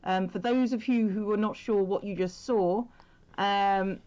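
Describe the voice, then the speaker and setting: A woman's voice: medium pitch, steady tone, measured pace, mellow. A woman chatting casually while drawing on a stream, hesitant and self-deprecating. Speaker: artist and stream host. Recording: dull lo-fi stream audio.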